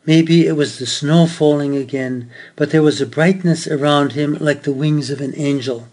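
A man's voice: on the high side, fairly even intonation, normal speed, a little mellow. A man preaching a sermon, telling a story earnestly and then reading scripture aloud.

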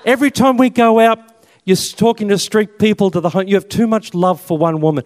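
A man voicing a young woman who is his fond but exasperated girlfriend, in a high sing-song voice. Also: fairly quick, a little mellow, close to an everyday voice. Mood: teasing.

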